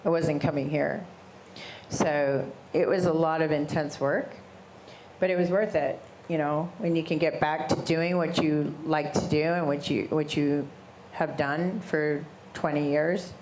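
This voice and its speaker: A middle-aged woman, a guest in an interview, telling her story in a casual, animated way and acting out the voices of people she quotes. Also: sits low, measured pace. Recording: roomy echo with faint ambient noise.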